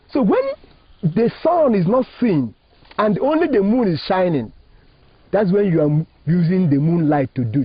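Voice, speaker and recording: Emphatic Nigerian priest, lively rising pitch. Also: male voice, breathy edge, dry recording. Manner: emphatic, preacherly, rising and falling phrasing, asks rhetorical questions. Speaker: Catholic priest. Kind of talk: spiritual teaching in an interview. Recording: dull lo-fi dry recording.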